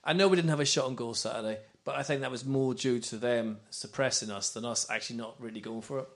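Middle-aged man from Wales, podcast host, fast rambling football chatter, animated. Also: mid-range voice. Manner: animated, rambling, self-interrupting. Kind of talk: casual football fan chat.

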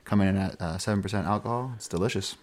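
A man's voice: lowish voice, fast. A man co-hosting a casual podcast in a laid-back, teasing way. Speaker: podcast co-host. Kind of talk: casual chat.

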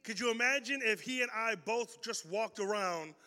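A young man tells a story to a live audience at a youth talk. He is animated and joking, and he keeps turning to the crowd. His voice is high, very bright and sharp, and it echoes through a big hall. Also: moderate pace. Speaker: youth speaker.

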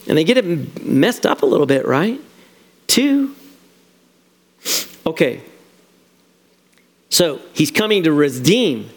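A middle-aged man preaching a sermon in a conversational, animated way, acting out the quotes he tells. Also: high voice, in a large hall. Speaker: pastor.

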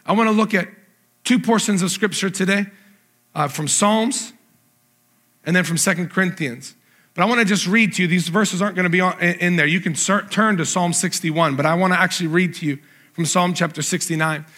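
Pastor type, man with a high, bright voice, earnest delivery reading scripture to a congregation. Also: a little fast. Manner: earnest, reads scripture aloud with emphasis. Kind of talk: sermon.

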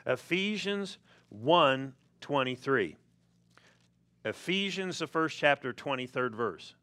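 A man preaching a sermon as pastor, slow and emphatic, with stressed words rising. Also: mid-range voice, animated, pushed and bright. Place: church sanctuary.

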